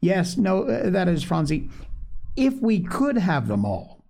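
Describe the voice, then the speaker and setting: A man voicing a cheerful, motherly older girl in a storybook reading, brisk and reassuring. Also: high-pitched, wildly swooping pitch, vocal fry, dark tone, pitched above the performer's own voice, full character voice. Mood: flustered.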